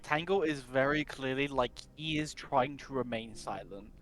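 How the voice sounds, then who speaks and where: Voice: mid-range voice, normal speed. A player in a casual tabletop game who talks bluntly and swears a lot. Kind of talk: casual tabletop role-play.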